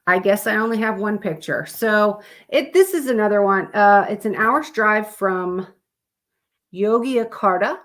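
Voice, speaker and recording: Lady rambling on a live stream, lots of ums and restarts, mid pitch. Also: measured pace, a bit bright. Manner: chatty, rambling, with fillers and self-corrections. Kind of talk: casual live stream chat.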